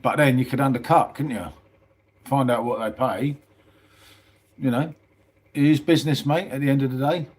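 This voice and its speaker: A man's voice: mid-range voice, steady tone, normal speed, pauses often, breathy edge. A middle-aged man, chatting casually on a live stream, reading out viewer comments and calling everyone mate. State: tired. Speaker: livestream host.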